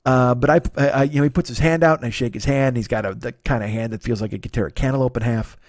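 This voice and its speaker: A man's voice: mid-range voice, steady tone, quick pace, no room sound, studio quality. A man, hosting a solo comedy podcast, rambling in a profane, self-deprecating way. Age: 40s. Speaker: podcast host.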